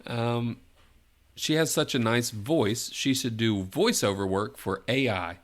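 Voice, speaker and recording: A man's voice: medium pitch, slow. A man hosting a casual movie podcast, running a guessing game and giving playful hints with frequent laughter. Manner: jokey, gives playful hints, laughs often. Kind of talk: casual chat.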